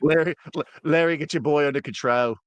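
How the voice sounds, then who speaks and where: A man's voice: fairly high pitch, brisk, clear, resonant tone, no echo. A man from the United States, a guest trading jokey banter during a casual commentary.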